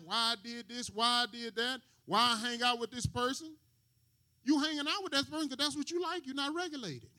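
A man's voice: very high voice, bright, forceful tone. A man preaching a sermon to his congregation, talking casually and often asking them questions and waiting for them to answer. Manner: call-and-response preaching, asks the congregation questions. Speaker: pastor.

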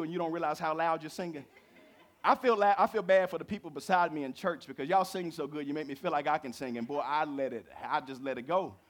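High-voiced preacher man. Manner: builds from low conversational asides to high fervent preaching. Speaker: pastor. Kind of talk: sermon.

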